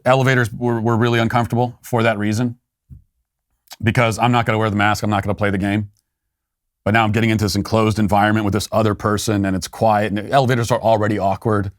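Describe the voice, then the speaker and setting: A man's voice: lowish voice, fairly even intonation, fast, dry recording, studio quality. A man hosting a commentary show, talking casually with sarcastic, wry asides. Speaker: podcast host.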